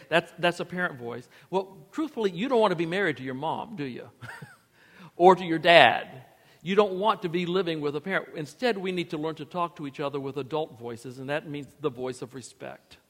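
A man co-hosting a teaching talk on marriage, explaining with animated humor. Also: fairly high pitch, moderate pace, long reverb tail.

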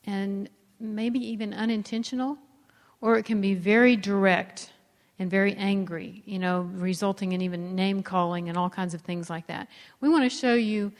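A woman co-hosting a teaching talk on marriage, explaining in a calm, conversational way. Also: medium pitch, in a large hall.

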